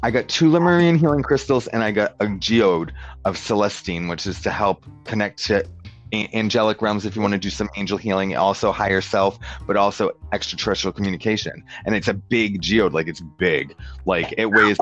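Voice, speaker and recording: A man rambles through a story in casual chat, his speech full of "like" and quick shifts into quoted voices. His voice sits low. The recording is dull and lo-fi, with faint guitar music underneath. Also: fairly bright tone.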